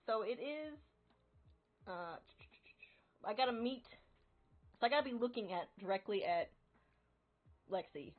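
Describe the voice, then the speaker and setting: A woman's voice: a little high, expressive, a little slow, long pauses. A woman playing a tabletop game, chatty and giggling between lines. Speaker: player. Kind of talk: casual tabletop play. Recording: tinny call audio.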